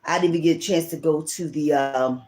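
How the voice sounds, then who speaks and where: A woman's voice: low voice, brisk, darkish tone. Middle-aged woman telling her own story, emotional, rambly, keeps repeating herself. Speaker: tarot reader and channel host. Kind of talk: personal storytelling to camera.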